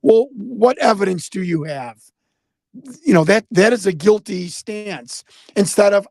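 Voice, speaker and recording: A rambling American man with a notably high voice tells a story in a casual interview. He keeps stumbling over repeated words and acts out the voices of the people he quotes. The sound is close and dry, with almost no room echo. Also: expressive, measured pace, a little mellow. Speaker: guest investigator.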